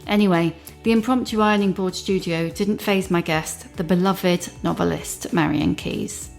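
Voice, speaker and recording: A woman in her fifties hosting a podcast, giving measured introductions with dry asides before interviewing her guest in a hotel room. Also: on the low side, fairly even intonation, vocal fry, soft background music. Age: 50s. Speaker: podcast host, journalist. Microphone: mic perched on an ironing board.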